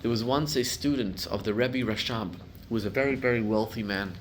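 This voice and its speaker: Middle-aged rabbi guy teaching a class, tells stories, gets loud and punchy on key points, bit of hiss behind. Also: medium pitch, fairly quick. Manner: storytelling, builds to loud emphatic peaks. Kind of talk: Torah class talk to a live group.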